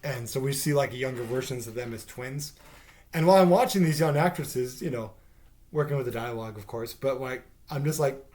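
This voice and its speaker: A man's voice: medium pitch, brisk, a little mellow. A man giving a casual spoken review of a TV episode, rambling and sarcastic, with fillers and swearing. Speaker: TV show reviewer.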